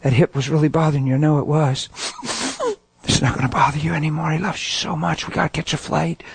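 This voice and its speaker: A man's voice: on the high side, flat delivery, fast talker, vocal fry, husky. A man preaching a sermon and telling stories in a folksy, emphatic way. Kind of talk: sermon with storytelling.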